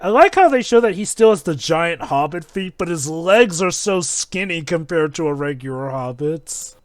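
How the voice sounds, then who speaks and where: A man chatting through a film commentary, animated and joking, often asking questions. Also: fairly high pitch, normal speed, no echo. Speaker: podcast co-host.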